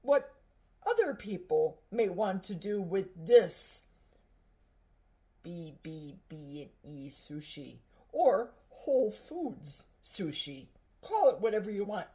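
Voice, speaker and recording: An older woman food vlogger tasting a dish and chatting casually to her viewers, animated and talkative, sometimes with her mouth full. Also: medium pitch, slow pace. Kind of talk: casual cooking vlog with tasting.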